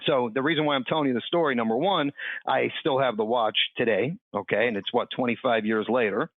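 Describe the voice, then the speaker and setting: A man in his forties from South Florida, telling a personal story as a podcast interview guest in an animated way, acting out the people he quotes. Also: medium pitch, fairly quick, no room sound. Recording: dry, tinny phone-like line.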